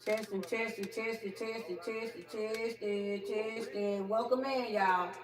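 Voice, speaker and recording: A woman's voice: a little high, steady tone, a little slow, very noisy. A woman hosting a casual livestream card reading, chatting loosely and repeating herself to her viewers. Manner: chatty, repetitive, addresses viewers as y'all. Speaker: psychic card reader host.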